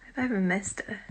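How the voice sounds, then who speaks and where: A British woman hosts a casual live-stream chat on her phone, chatty and self-deprecating, with quiet muttered asides. Her voice is mid-range and gravelly.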